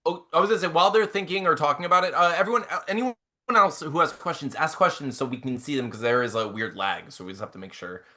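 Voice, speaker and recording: A man's voice: a little high, expressive, fast talker, sharp tone. A young man co-hosting a casual live-stream chat, rambling with many fillers and restarts. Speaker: co-host.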